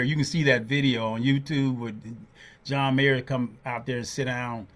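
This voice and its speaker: Hosting an interview chat, an older drummer and podcast host spins animated stories, voicing the people he quotes. He speaks at a normal speed in a mid-range voice.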